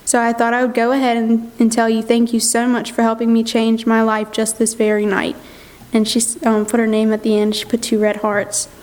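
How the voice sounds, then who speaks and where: Chatty woman telling a testimony. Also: on the high side. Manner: chatty, animated retelling full of "like" and quoted dialogue. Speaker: youth group member giving testimony. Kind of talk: personal testimony, storytelling. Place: church sanctuary.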